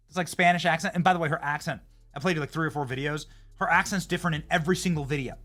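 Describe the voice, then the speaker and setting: A man hosting a commentary show, reacting to a clip in a mocking, indignant way, jumping between loud outbursts and muttered asides. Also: on the high side, very fast, soft background music. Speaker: political commentary host.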